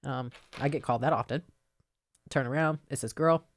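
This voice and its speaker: A woman's voice: low voice, fairly quick. A woman, a podcast co-host and pro wrestler, telling stories in a casual studio chat and laughing often as she talks. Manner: animated storyteller who laughs often.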